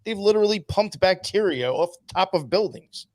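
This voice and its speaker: A man's voice: high-pitched, lively intonation, moderate pace, no room sound. A man hosting a podcast and reading chat, rambling with many fillers. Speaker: podcast host.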